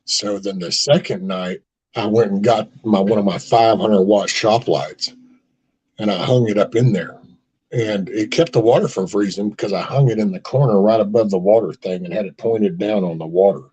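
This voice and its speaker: Man, husky voice, folksy rambling host. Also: fairly low pitch, moderate pace, mellow, rough recording. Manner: folksy storyteller, mild cursing, acts out quotes. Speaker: host of a casual live chat. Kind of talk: casual rambling chat.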